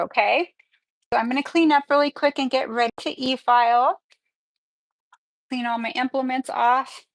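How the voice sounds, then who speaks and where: A woman's voice: on the high side, dry recording, poor audio. A middle-aged woman teaching nails on a livestream, chatty and upbeat, talking as she works. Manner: chatty, upbeat, talks while working. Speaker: nail instructor. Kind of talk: livestreamed nail tutorial.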